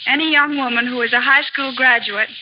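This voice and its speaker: A woman's voice: high-pitched, a little fast, a little hiss or hum. Earnest woman reading an appeal. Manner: earnest, formal. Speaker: guest with a public appeal. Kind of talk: read wartime appeal. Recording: dull old radio broadcast.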